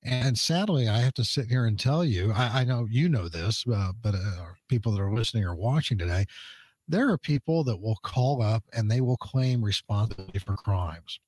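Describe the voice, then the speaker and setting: A man's voice: fairly low pitch, a little mellow, no echo. A middle-aged man, a police public information officer, explaining a case earnestly as a radio interview guest, with many "uh" fillers.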